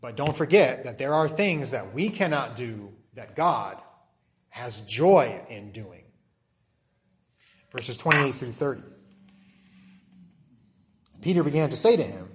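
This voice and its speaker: A man's voice: medium pitch, slight background noise. A man preaching a sermon in a conversational teaching manner, full of restarts and rhetorical questions.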